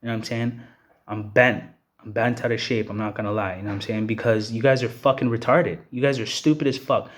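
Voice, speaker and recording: A man's voice: medium pitch, fairly even intonation, fairly quick. Man, angry rant, swearing constantly, agitated, keeps saying you know what I mean. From Canada. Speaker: vlogger.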